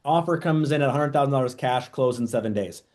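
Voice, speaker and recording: A man teaching a real estate training session in an animated, storytelling way. His voice sits at a middle pitch, and he often slips into short acted-out quotes. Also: fast. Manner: animated, acts out quoted dialogue. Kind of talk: training talk.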